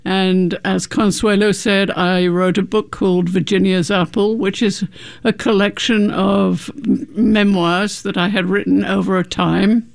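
An older woman from England with a croaky voice, chatting unhurriedly as a guest author in a radio interview. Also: mid-range voice, level tone, measured pace.

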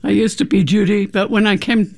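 An older woman from England with a croaky voice, chatting unhurriedly as a guest author in a radio interview. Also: mid-range voice, fairly even intonation, brisk.

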